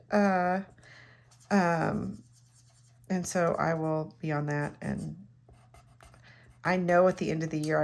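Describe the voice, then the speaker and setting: A woman's voice: sits low, creaky, fairly bright tone. A middle-aged woman, chatting casually and rambling while demonstrating a craft. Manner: chatty, rambling, self-mocking. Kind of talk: casual crafting tutorial chat.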